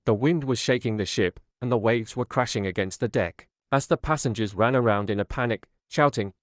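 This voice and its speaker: A man calmly narrating a scripted storybook tale in a measured way. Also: mid-range voice, dry recording, clean studio sound.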